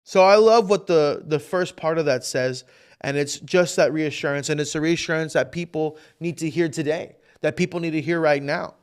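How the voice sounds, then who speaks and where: A man's voice: fairly high pitch, moderate pace, clean tone. A male pastor preaching a livestreamed sermon with fervent intensity, repeating phrases for emphasis.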